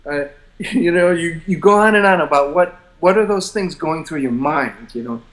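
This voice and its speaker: An older American man talks as a guest in a casual interview, his voice sitting somewhat high for a man. He tells his story with a self-deprecating chuckle and slips into voicing his own inner thoughts. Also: moderate pace, a bit bright.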